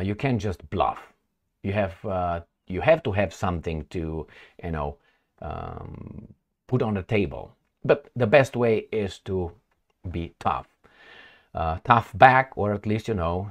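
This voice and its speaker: A man hosting a political commentary channel, talking casually and sardonically with frequent fillers. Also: low voice. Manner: conversational, sardonic, many fillers.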